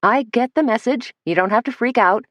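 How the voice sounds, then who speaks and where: A caring, quick-witted shop owner who reassures a frightened girl and stands up to a bully in an audiobook mystery, as a woman reader gives her voice. She sounds lifted a little above the reader's own voice, in a dry, close recording. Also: fairly high pitch, no room sound, lo-fi sound, pitched above the performer's own voice, close to an everyday voice. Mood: earnest. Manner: warm, soothing, then firm. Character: kind, resourceful middle-aged woman shop owner.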